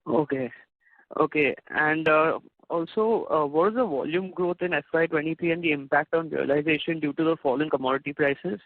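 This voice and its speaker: A man with a slightly higher voice asks questions as an analyst on an earnings call. He is polite and brief, with a few hesitations. The line is dry and thin like a phone. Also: normal speed, dry recording, phone-quality sound.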